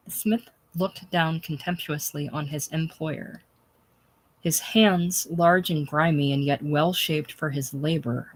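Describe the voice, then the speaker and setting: Brief: slow, plain novel reader, close and bone-dry sound. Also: mid-range voice, no echo. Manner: unhurried, plain reading. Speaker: audiobook narrator. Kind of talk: unabridged novel reading.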